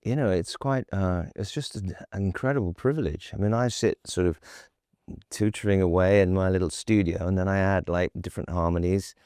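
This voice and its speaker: A man being interviewed as a guest, reflective and halting, telling anecdotes. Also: low voice, a little mellow, smooth, dry recording, clean studio sound. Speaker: actor and composer guest. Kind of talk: interview conversation.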